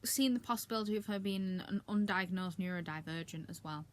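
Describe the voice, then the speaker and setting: A woman's voice: mid-range voice, fairly quick, dry recording. A woman giving a casual, candid wrap-up of her monthly reading, chatty with frequent filler ums and blunt asides. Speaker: book reviewer.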